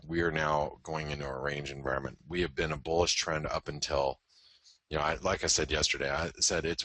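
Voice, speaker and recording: Rumbling low yet pushed and bright, a man's voice carries a live trading show with no echo around it. As host and trading educator, he offers joking, candid, self-deprecating market takes full of "you know" asides.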